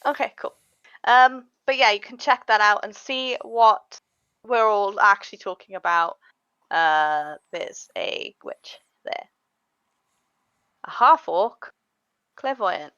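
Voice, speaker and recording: Chatty woman game master, crisp voice. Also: medium pitch, unhurried, dry recording, highs cut off. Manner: chatty and relaxed, with many fillers and laughs. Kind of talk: casual wrap-up chat on a live stream.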